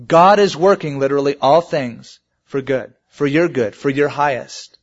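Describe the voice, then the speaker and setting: A man's voice: mid-range voice, normal speed, hardly any pauses. A man preaching a sermon, telling stories and rising emphatically on the key points. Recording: muffled lo-fi sermon recording.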